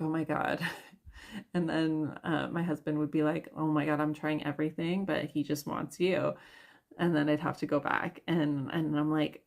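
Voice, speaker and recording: Young woman, low creaky voice, unhurried candid mom-vlog chat. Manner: chatty, candid, laughs often, many fillers. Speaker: yoga vlogger and mother. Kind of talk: casual confessional vlog talk.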